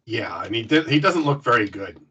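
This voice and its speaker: A man's voice: medium pitch, expressive, brisk, pushed and bright, breathy edge. A man co-hosting a podcast, casually chatting about a film and chiming in with short remarks. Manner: brief agreeing interjections. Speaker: podcast co-host. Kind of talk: casual movie chat. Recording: distant muffled mic.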